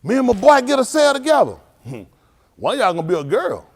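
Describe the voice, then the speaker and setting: Middle-aged male preacher, high lively voice, street storyteller who scolds his flock. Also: fast talker. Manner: animated storytelling, acts out dialogue, scolding the audience. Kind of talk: livestreamed sermon with street stories.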